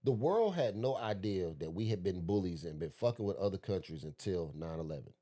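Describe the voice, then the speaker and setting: A man, co-hosting a casual podcast chat, swearing freely and telling animated stories. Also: low voice, fairly quick. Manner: storytelling, profane, animated. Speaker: podcast co-host.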